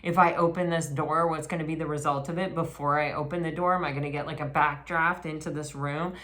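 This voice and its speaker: A woman talking through a tarot reading in a casual, rambling way, often restarting her sentences and breaking into excited exclamations. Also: deep voice, quick pace. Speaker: tarot reader.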